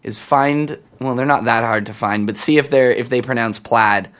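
A man's voice: medium pitch, normal speed, a bit bright. Rambling young male radio DJ. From Canada. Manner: chatty, self-correcting, wanders off topic. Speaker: campus radio DJ. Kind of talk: rambling casual on-air chat.

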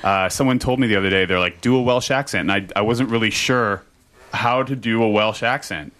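Low-voiced, rambling male radio host. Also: a little fast, a bit bright. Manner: rambling, fond of filler words. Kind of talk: casual studio banter. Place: radio studio.

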